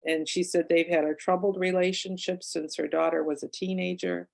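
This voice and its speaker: This woman's voice sits on the low side and is creaky and a little mellow, with a level tone and moderate pace; the recording is low quality. She's an author and past-life regressionist recounting a client's case for a book club, chatting along with asides and fillers.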